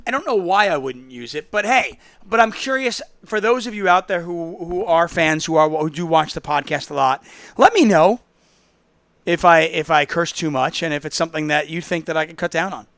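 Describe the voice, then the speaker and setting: A man's voice: high-pitched, a bit bright, clear, resonant tone, dry recording. A man hosting a casual call-in poker podcast, telling stories in a chatty, rambling way. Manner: chatty, storytelling, self-interrupting. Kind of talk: casual solo call-in show talk.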